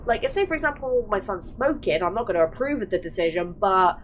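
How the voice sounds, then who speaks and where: A young woman talks casually, rambling and circling back on herself with lots of fillers. Her pitch sits in the middle, and a faint hiss runs under her voice. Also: expressive, quick pace, poor audio. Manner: rambling, many restarts and fillers. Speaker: channel host. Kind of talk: casual chat.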